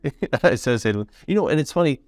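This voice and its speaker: A man's voice: mid-range voice, lively intonation, quick pace, no room sound, studio quality. An American man hosting a podcast interview, chatting in an easygoing, joking way with lots of fillers. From United States. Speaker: podcast host. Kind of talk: casual interview chat.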